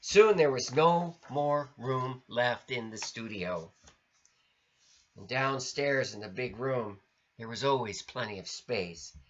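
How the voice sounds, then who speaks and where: A man reading a children's storybook aloud in an expressive, sing-song way. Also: medium pitch, slow pace. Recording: lo-fi recording.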